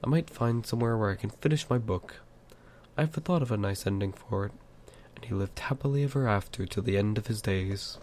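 A man's voice: fairly low pitch, a little fast, slight background noise, natural voice. A man voicing an elderly male hobbit, fussy and possessive, in an amateur audiobook reading. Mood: wistful. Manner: fretful, turning sharp and clutching.

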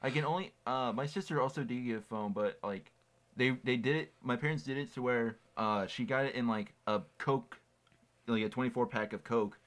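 A man's voice: mid-range voice, normal speed, a bit bright. A teenage boy co-hosting a podcast, joking around in casual chat and laughing easily. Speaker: podcast co-host.

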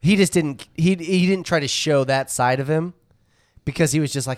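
A man's voice: a little high, moderate pace, dry recording, clean studio sound. A man chatting casually as a podcast co-host, retelling movie scenes with laughs and acted-out lines. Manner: animated, laughing storyteller acting out movie scenes. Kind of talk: casual chat.

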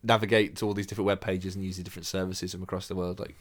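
British guy on a podcast, low voice, talks fast and blunt, swears a lot. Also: flat delivery. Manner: blunt, swears freely, quick rambling restarts. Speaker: podcast co-host. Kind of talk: casual chat.

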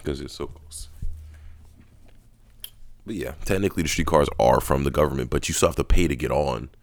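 A man's voice: a bass voice, fairly quick. A man co-hosting a podcast in casual chat on a couch at home, talking bluntly with plenty of swearing and a laid-back manner. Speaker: podcast co-host.

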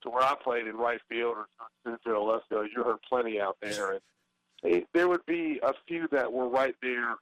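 A man's voice: medium pitch, normal speed, a bit bright, no room sound, poor audio. A middle-aged man, a former baseball player, talking as a guest in a casual interview, hesitant with many fillers and restarts.

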